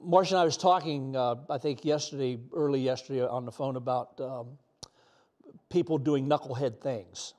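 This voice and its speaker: A man's voice: medium pitch, moderate pace, a little mellow. A middle-aged man preaching a sermon in an earnest, emotional way, sometimes close to tears.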